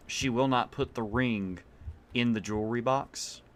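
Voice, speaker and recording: A man's voice: mid-range voice, slow, faint music behind. A man streaming a video game and chatting casually, rambling with fillers and laughs. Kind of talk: casual chat while playing.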